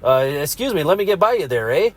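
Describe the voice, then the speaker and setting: A man's voice: fairly high pitch, sing-song, fast. A man putting on the voice of a polite young Canadian hockey player, apologizing with a Canadian accent.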